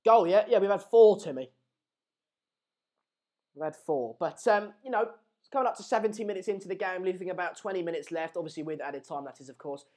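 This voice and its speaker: High-voiced chatty streamer. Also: male voice, brisk, a little mellow. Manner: chatty, reads out viewer comments between play-by-play. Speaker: live stream host. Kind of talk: live match watchalong commentary.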